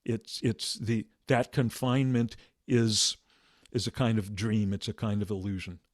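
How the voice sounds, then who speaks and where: A man leading a meditation discussion, speaking softly and reflectively with halting restarts. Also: on the low side, little pitch movement, no room sound, studio quality. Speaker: meditation teacher.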